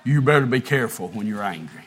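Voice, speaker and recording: A man's voice: medium pitch, lively intonation, fast, husky. A man preaching an impassioned sermon and reading scripture aloud.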